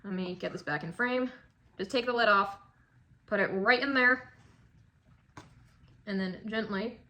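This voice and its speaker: A woman's voice: medium pitch, measured pace, sharp tone. A young woman keeping tarantulas, giving a casual, chatty how-to tutorial with emphatic points and cooing asides. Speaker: tarantula keeper demonstrating shipping.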